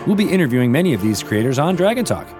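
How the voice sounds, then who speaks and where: A male podcast host reads a scripted promo in an upbeat announcer style. His delivery is quick and lively, swinging up and down in pitch. Music plays clearly behind him.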